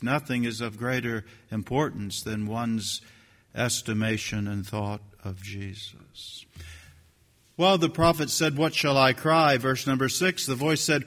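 An older man preaching a sermon, swinging from hushed, slow lines to loud, shouted ones. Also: on the high side, in a large hall.

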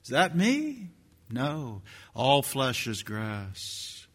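An older man preaching a sermon, swinging from hushed, slow lines to loud, shouted ones. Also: medium pitch, wildly swooping pitch, long reverb tail.

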